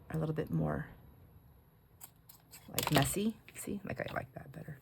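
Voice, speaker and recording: A middle-aged woman and grandmother chatting casually while she crafts at home. She rambles and often drops into soft, near-whispered asides. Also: low-pitched, moderate pace, vocal fry, long pauses, background noise.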